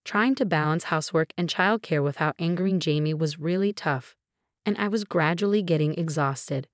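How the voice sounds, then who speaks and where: A woman narrating a first-person story in an even, plain storytelling manner. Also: sits low, moderate pace, no echo, clean studio sound.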